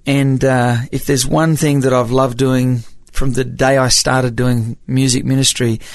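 A man's voice: mid-range voice, level tone, unhurried, no echo. Australian man with American-tinged accent. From Papua New Guinea. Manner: chatty, hesitant restarts, laughs while telling. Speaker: music evangelist. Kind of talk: storytelling interview.

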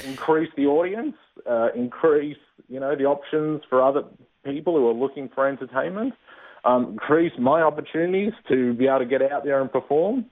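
Chatty comedian on a tinny line. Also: male voice, mid-range voice, a little fast. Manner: chatty, self-mocking, laughs often. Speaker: stand-up comedian, guest. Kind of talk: casual interview answers. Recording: tinny phone-line sound.

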